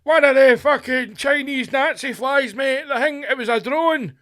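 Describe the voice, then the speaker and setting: A man voicing a panicky, foul-mouthed old man who shouts and blames a fly for everything. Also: very high voice, moderate pace, voice pushed up. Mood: frantic. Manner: shouty, paranoid, sweary.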